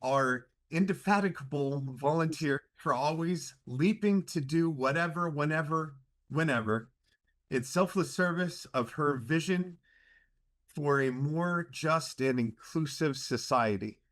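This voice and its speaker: A man chairing a committee, presenting an award in a halting, emotional way over a video call. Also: fairly high pitch. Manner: emotional, halting, many fillers.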